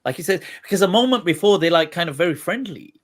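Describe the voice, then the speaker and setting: A man's voice: sits high, lively intonation, fast talker. A man hosting a livestream discussion, thinking aloud in a meandering way, with many restarts. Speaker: Islamic scholar, livestream host.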